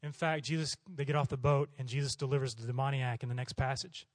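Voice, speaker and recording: Fast-talking animated male preacher. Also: medium pitch, no room sound. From Oklahoma. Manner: animated, acts out voices in his stories. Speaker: missionary preacher. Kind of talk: storytelling sermon.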